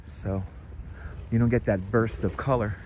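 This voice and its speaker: On a wireless lapel mic, a middle-aged man rides his bike through a city park, chatting casually on a live stream and thanking the viewers he reads out. His voice is lowish, with fairly even intonation and a measured pace. The background is noisy.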